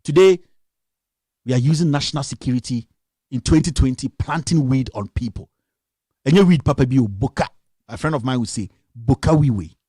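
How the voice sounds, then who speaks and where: A man's voice: medium pitch, a little fast, pauses often, mellow, husky, no echo, clean studio sound. A young Ghanaian man with a Ghanaian accent, delivering an impassioned political rant on a live stream and firing off scolding rhetorical questions. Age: young adult. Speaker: radio commentator.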